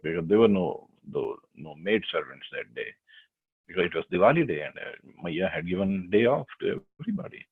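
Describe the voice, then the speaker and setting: A man teaching a devotional class, retelling a sacred story with hesitant, lively storytelling, over a tinny phone-like line. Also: sits low, brisk, husky.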